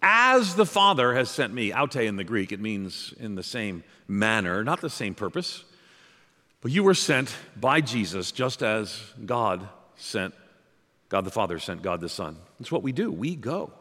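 A man's voice: fairly low pitch, lively intonation, a little slow, a bit bright. A man from outside New York City preaching a sermon as pastor, emphatic and repetitive, with joking asides. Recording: long reverb of a large hall.

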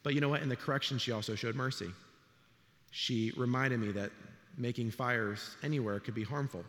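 A man's voice: medium pitch, fairly quick, long reverb tail. A middle-aged man, a pastor, preaching a sermon in a church and telling stories with acted-out voices. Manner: animated storytelling, acts out voices. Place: church sanctuary.

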